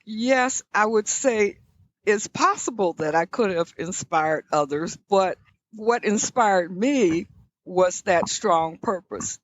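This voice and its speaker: Older Southern-raised woman guest, reflective and measured, dry dull lo-fi audio. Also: medium pitch, no room sound. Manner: reflective, measured, frequent restarts. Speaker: guest, leadership scholar. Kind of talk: conversational interview storytelling.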